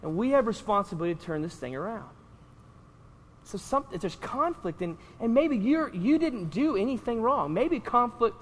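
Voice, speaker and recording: A man preaching a sermon as pastor, animated and conversational, often checking in with the congregation. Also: sits high, big-room sound.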